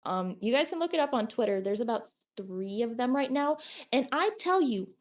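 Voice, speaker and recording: A woman's voice: on the high side, moderate pace. A woman streamer chatting casually, telling stories with lots of giggles. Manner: giggly, animated storytelling.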